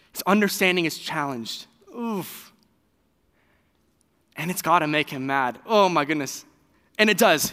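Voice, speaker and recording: A man preaching a sermon in a loose, conversational way, full of fillers and quick restarts. His voice is fairly high, bright and forceful. A long reverb trails his words. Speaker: pastor.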